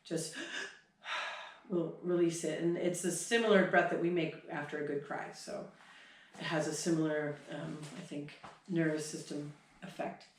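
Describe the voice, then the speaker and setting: Sighing and huffing to show what she means, a woman horse trainer chats through an explanation of breathing signals at a clinic. Her voice is deep and steady at normal speed, caught by a far-off mic in an echoey hall.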